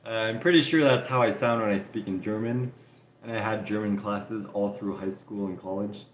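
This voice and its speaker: Here the French Canadian livestreamer speaks at a normal pace, his lowish voice steady against reverberation and slight background noise. He answers viewer questions and reads their comments in a relaxed way, leaning on "like" and "you know."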